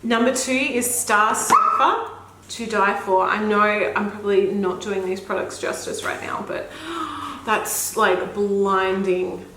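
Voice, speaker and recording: A woman's voice: mid-range voice, steady tone, unhurried, noisy background. A young woman and mother, gushing and gasping through a makeup unboxing vlog. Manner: gushing, gasps often, effusive exclamations. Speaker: beauty vlogger and mother. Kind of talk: excited unboxing chat. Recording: echoey room with faint ambience.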